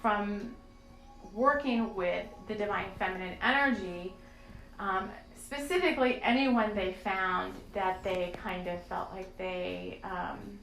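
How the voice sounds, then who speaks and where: This woman's channeled spiritual podcast comes in a slow, gravelly, mid-range voice. She's earnest and emotional, wandering through her thoughts with many fillers, recorded in an echoey room with gentle music in the background.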